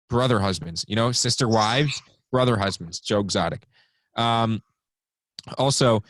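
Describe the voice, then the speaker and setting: A man's voice: medium pitch, dry recording. Rambling young man, dry sound. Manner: rambling, reads from notes with many ums. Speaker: podcast co-host. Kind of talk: casual podcast chat.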